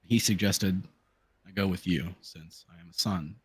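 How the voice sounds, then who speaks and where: A man voicing a calm, matter-of-fact male white wolf in a tabletop game. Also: low-pitched, measured pace, husky, no echo.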